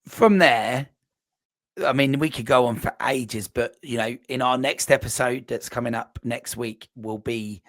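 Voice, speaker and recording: A man hosting a podcast, eager and rambling as he sets up his questions. His voice has an ordinary middle pitch. The sound is dry, with no room echo. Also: fairly bright tone. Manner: enthusiastic, rambling, many fillers. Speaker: podcast host, coach. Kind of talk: casual podcast interview.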